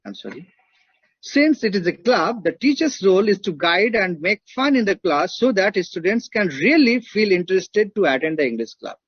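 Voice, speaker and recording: A lecturer with an Indian accent speaks in a fairly high, husky voice. He talks emphatically, circling back to his points and checking in with the class. The recording is dull and dry, with little room sound. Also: very animated, normal speed, no echo.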